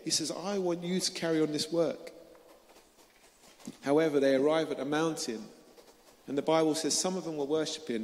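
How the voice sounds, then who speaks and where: A man's voice: fairly high pitch, in a large hall. A man preaching a sermon in an earnest way, often turning to ask his listeners direct questions.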